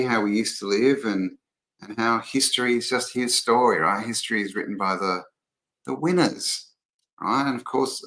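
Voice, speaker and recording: A man's voice: lowish voice, bright, forceful tone, low-quality recording. An Australian man hosting a casual livestream, rambling chattily and greeting viewers by name as he reads their comments. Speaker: livestream host.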